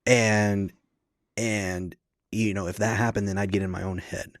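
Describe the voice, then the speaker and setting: A man's voice: fairly low pitch, fairly even intonation, a little slow, no echo, clean studio sound. A man talking as a podcast guest, blunt and profane, rambling in casual chat.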